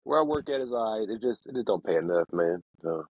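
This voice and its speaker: A man's voice: on the low side, animated, fast talker, slightly rough, dry recording, narrow, tinny audio. A man in laid-back, slangy casual chat on a podcast. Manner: laid-back slangy talk with repeated fillers. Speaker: podcast co-host.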